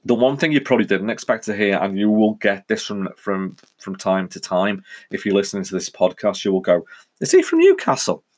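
A man with a very low voice and a Northwest English accent mixing Cheshire and Welsh-border tones. He talks through a casual solo podcast in a chatty, meandering way, often stopping to correct himself. He sounds middle-aged. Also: fairly even intonation, fairly quick, few pauses. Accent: Northwest English, Cheshire and Welsh-border mix. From England. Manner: rambling, chatty, frequent self-corrections. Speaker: podcast host.

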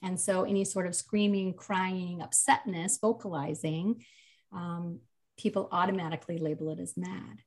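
Earnest lady chatting about parenting, kinda lower voice, lots of um and you know. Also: normal speed. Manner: earnest, animated when telling stories, many fillers. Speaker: podcast co-host, parent of a nonverbal child. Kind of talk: casual conversation.

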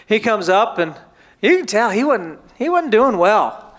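A man's voice: high voice, measured pace. A pastor preaching a sermon to his church, telling a story and acting out the voices of the people in it. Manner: animated, acts out quoted voices.

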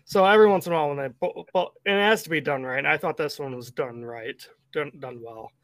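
A man co-hosting a podcast in relaxed, rambling casual chat, often correcting himself mid-sentence. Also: on the high side, quick pace, no room sound. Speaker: podcast co-host.

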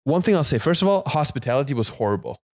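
A man, co-hosting a podcast, telling stories in a lively way with frequent restarts and laughs. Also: medium pitch, fast, no room sound, clean studio sound. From Germany. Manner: animated storyteller, stammers and restarts, laughs often. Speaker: podcast co-host. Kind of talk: casual chat.

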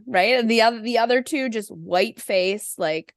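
A woman hosts a podcast and recounts her own experiences with animated energy. She acts out the people she quotes. The recording sounds dry and close. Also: medium pitch, brisk, few pauses, no echo. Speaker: podcast host. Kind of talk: casual interview chat.

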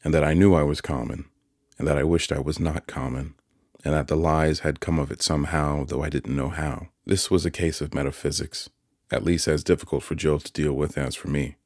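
A man narrating a classic novel as an audiobook, measured and steady. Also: very deep voice, dry recording, clean studio sound.

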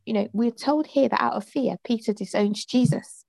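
A woman's voice: on the high side, moderate pace, gravelly, darkish tone, no echo. A woman co-hosting a casual Bible discussion, asking thoughtful questions with frequent fillers. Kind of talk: casual Bible study chat.

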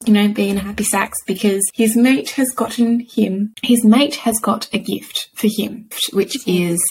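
A woman co-host telling the story in blunt, slangy chat. Her voice has a middle pitch, with a faint hiss of noise behind it. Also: steady tone, unhurried, a little mellow, poor audio. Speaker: podcast co-host. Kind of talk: casual book recap.

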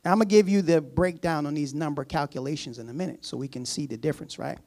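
A man preaching a sermon. He reads scripture aloud, breaks off with laughing asides, and acts out the servant's words in a low, casual voice. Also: quick pace, darkish tone.

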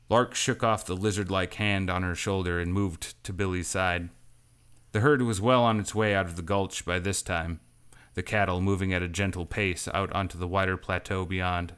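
Deep, smooth man, measured scripted story narration. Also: little pitch movement, fairly bright tone. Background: faint guitar music.

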